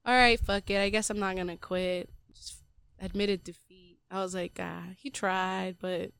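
Casual podcast woman, rambly, says like a lot, smooth clean voice, no room echo. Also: medium pitch, steady tone, moderate pace, a bit bright. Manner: rambling, filler-heavy storytelling. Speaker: podcast co-host. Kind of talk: casual confessional chat.

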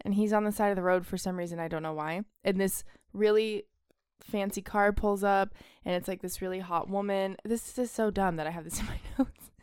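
A woman's voice: mid-range voice, fairly even intonation, a little fast, a little mellow, smooth, no room sound, clean studio sound. A woman co-hosting a podcast, chatting casually with a rambling, filler-heavy way of talking. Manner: rambling, lots of "like", laughs easily. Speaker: podcast co-host. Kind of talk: casual chat.

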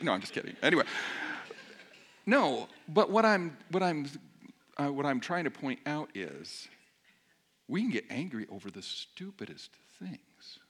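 A middle-aged male pastor telling a funny personal story in a sermon, animated and self-mocking, joking with his congregation. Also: a little high, moderate pace, husky.

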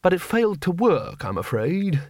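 A man's voice: high-pitched, sing-song, moderate pace, darkish tone, dry recording, studio quality, voice pushed up. A man as a mild, courteous teacher.

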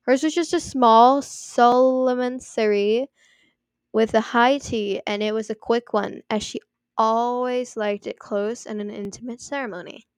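A young woman reading online posts aloud and adding chatty commentary, full of "like" and quick apologies for her slips. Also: on the high side, steady tone, smooth, dry recording, clean studio sound. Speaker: story reader and commentator.

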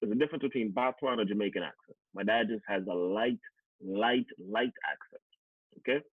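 Speaking a little fast with a breathy edge, this fairly low-voiced Canadian man recounts personal stories in a blunt, conversational way. He's an adult past teachers college who swears and repeats words for emphasis, heard through a tinny, phone-like, dry recording without echo.

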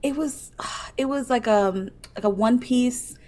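A woman's voice: fairly high pitch, slow, dark tone. A woman co-hosting a podcast, chatting in a hesitant, rambling way full of fillers. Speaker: podcast co-host. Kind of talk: casual chat.

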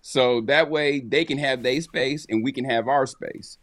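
A man co-hosting a talk show, telling jokes in animated casual chat. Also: mid-range voice, measured pace, dry recording. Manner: joking, animated storytelling. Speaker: co-host.

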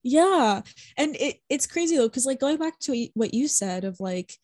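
A woman's voice: high voice, expressive, normal speed, a little mellow. A young woman co-hosting a podcast, chatting casually and gushing, laughing often and filling her talk with "like". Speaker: podcast co-host. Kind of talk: casual chat.

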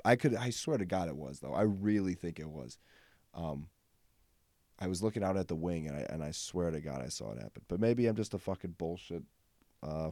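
A man's voice: deep voice, darkish tone, no room sound, studio quality. A young man hosting a comedy podcast, rambling through a casual monologue with lots of cursing and fillers. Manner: rambling, profane, heavy on fillers. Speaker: podcast host.

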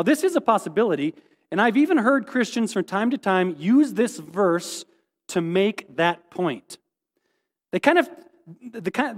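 A man preaching a sermon, his fairly high voice jumping all over as he acts out voices and quizzes the congregation. The sound rings with a long reverb, as if from a church hall. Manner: animated, acts out quoted voices, asks the congregation questions. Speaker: pastor.

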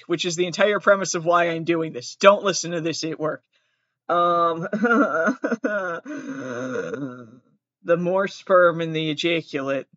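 A man's voice: high voice, expressive, measured pace, fairly bright tone, no echo. A man hosting a casual solo podcast, reading trivia questions aloud while often breaking into flustered laughter. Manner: giggly, flustered, keeps laughing and exclaiming. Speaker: podcast host. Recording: dull, lo-fi sound.

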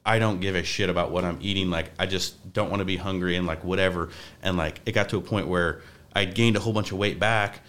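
A man's voice: deep voice, steady tone, quick pace, a bit bright. A young man, a podcast guest, talking casually in a rambling way with many restarts. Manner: rambling, restarts often, says like a lot.

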